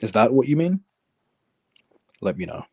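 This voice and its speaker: A man from London hosting a live stream, reading viewers' chat messages aloud and answering them in a calm, casual way. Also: normal speed, gravelly, husky, no room sound, highs cut off. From London, England. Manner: calm, low-key, reads chat aloud.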